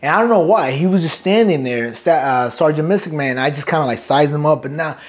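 Marine veteran. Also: male voice, a little high, a little fast. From Brooklyn, New York. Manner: profane, loose, laughs through anecdotes. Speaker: guest, retired Marine sergeant major. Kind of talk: casual storytelling interview.

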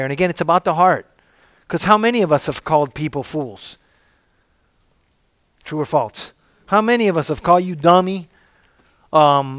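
A man preaching a sermon in a slightly raised pitch, calling out to his congregation for an amen and punching key words with sudden loud emphasis. His voice sounds dry and close. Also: expressive, moderate pace, long pauses, no room sound. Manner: call-and-response, repeating "say amen if you're with me". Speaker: pastor.

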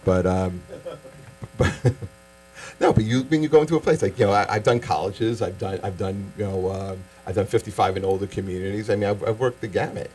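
Fast-talking New comic. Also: male voice, lowish voice, slight background noise, poor audio. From Staten Island, New York. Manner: loud, punchy joke delivery with quick asides. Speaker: stand-up comic. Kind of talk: stand-up set, then casual interview.

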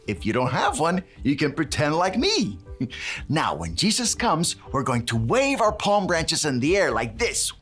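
A woman's voice: sits low, wildly swooping pitch, unhurried, slightly rough, faint music behind, full character voice. A woman playing a cheerful handyman who teaches a children's Bible lesson, cheering and tossing in Spanish words.

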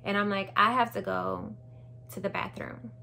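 A young woman telling a birth story to her viewers in animated, casual chat, acting out what people said. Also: mid-range voice, moderate pace, slight background noise. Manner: animated, addresses viewers as y'all, acts out quotes.

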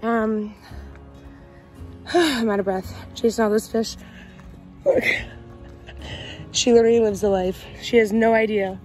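A woman with a fairly high voice chats casually to her viewers in a vlog. She keeps slipping into cooing baby talk with a puppy, recorded at home and outdoors on a farm. Soft music plays faintly in the background. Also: unhurried, long pauses. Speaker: vlogger.

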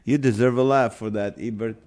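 A man's voice: medium pitch, steady tone, a little mellow. A man hosting a live stream, reading viewer comments aloud and laughing often, at times to tears. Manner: slow, drawn-out delivery.

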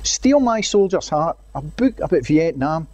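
Glaswegian man telling lively anecdotes. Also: fairly high pitch, a little slow. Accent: Scottish, Glaswegian. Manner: storytelling, acts out quotes, urging. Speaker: guest speaker, former head teacher. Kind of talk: anecdotal talk to an audience.

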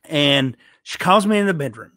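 A man telling a personal faith story in an earnest, halting way, often restarting his sentences. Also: fairly high pitch, lively intonation, sharp tone, no echo. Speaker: podcast host telling a personal testimony. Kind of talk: emotional storytelling testimony.

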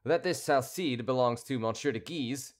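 A man voicing a sly, composed townsman who speaks politely and in a measured, teasing way. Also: mid-range voice, lightly acted.

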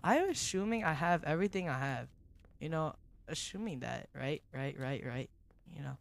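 A young man streaming a horror game, jumpy and excitable, who repeats himself in slangy bursts and drops to a whisper when tense. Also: on the high side, moderate pace, vocal fry, pauses often. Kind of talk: live gaming commentary.

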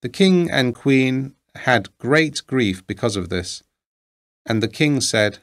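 A man reading an old fairy tale aloud in a measured, deliberate storytelling manner. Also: mid-range voice, animated. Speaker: narrator.

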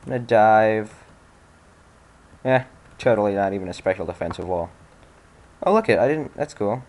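Young male let's-play host, slightly low voice, sarcastic, swears a lot, frustrated outbursts, keyboard clicks behind. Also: expressive, moderate pace, darkish tone. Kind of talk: casual gameplay commentary.

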